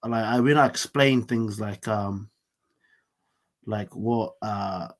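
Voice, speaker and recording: A man's voice: on the low side, takes it slowly. A man, a teacher guesting on a podcast, laid-back and joking with many fillers. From Samoan heritage, New Zealand. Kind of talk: casual chat.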